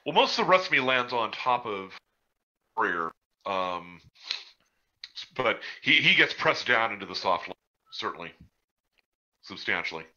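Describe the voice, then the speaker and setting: A male player at a tabletop game, quick and wry. His voice is very bright and swings widely in pitch, heard through dull, lo-fi audio. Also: sing-song.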